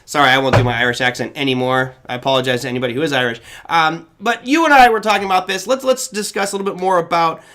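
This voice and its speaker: Bright-voiced man hosting a chatty live show. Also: on the high side. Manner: chatty, loose, self-correcting. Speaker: host. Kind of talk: casual livestream talk.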